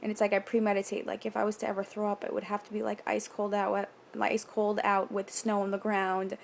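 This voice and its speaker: A young woman from New York talking candidly in a casual vlog, rambling with quick nervous asides and casual swearing. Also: mid-range voice, completely flat delivery, gravelly. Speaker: vlogger. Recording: faint background noise.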